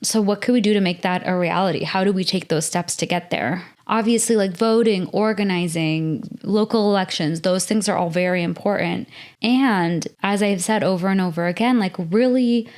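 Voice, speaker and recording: A woman's voice: medium pitch, moderate pace, darkish tone. A young American woman hosting a solo podcast, talking in an earnest, chatty way with lots of filler words. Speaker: podcast host. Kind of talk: casual solo podcast talk.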